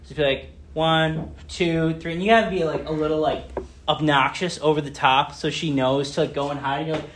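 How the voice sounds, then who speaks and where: A man in his thirties giving a playful church talk, telling stories with lots of fillers and bursting into loud, excited acted asides. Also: on the high side, normal speed, slight background noise. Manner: chatty, many fillers like "um" and "like". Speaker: speaker giving a children's message. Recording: roomy echo.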